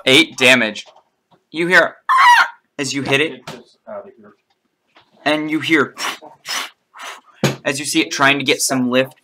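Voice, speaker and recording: A man narrating as dungeon master in a casual tabletop game, talking in a loose, halting way with fillers. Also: medium pitch, steady tone, heavy background noise.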